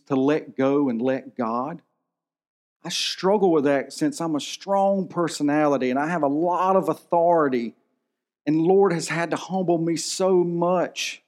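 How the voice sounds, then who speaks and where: A man's voice: fairly high pitch, a little mellow. A man in his forties preaching a sermon in a conversational, storytelling manner. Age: 40s. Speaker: pastor.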